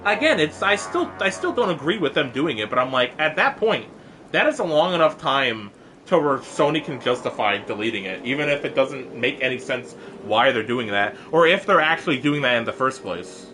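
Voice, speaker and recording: A young man rambles to his stream viewers in loose, filler-heavy casual chat. His voice sits at a middle pitch and comes out bright and forceful. A faint hum of room ambience sits under the desk mic. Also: very animated, normal speed. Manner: rambling, exasperated, lots of fillers and restarts; mock-angry teasing of a chat viewer.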